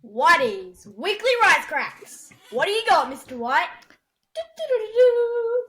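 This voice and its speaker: High sing-song jingle announcer, as a man puts it on. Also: very animated, a little slow, fairly bright tone, heavily acted. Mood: theatrical.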